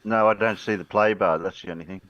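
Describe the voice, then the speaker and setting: A man's voice: fairly low pitch, fairly even intonation, fast, no room sound, dull audio. A man hosting a casual group video chat, flustered by tech trouble while friends talk over him. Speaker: channel host.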